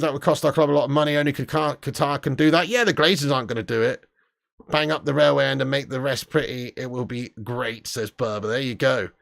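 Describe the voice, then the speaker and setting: A man's voice: a little high, vocal fry, no echo, clean studio sound. A man hosting a casual live stream, chatting and laughing as he reads viewer comments aloud. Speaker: live stream host reading chat.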